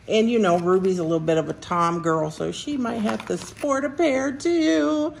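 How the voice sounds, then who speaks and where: A woman's voice: mid-range voice, normal speed, gravelly, few pauses, a little hiss or hum. A woman hosting a casual unboxing vlog, playful and sing-song, chatting to her dogs as she goes. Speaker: vlog host.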